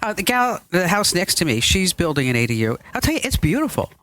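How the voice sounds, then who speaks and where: A woman's voice: fairly low pitch, very animated, fast, a bit bright, no echo. A woman hosting a podcast in casual chat, chatty and laughing often, recorded in a studio. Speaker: podcast host. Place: studio with chairs.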